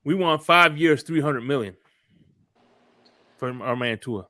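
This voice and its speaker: A man's voice: on the high side, unhurried, pushed and bright, no room sound. A man hosting a casual sports podcast, joking and often stumbling and restarting his words. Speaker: podcast host.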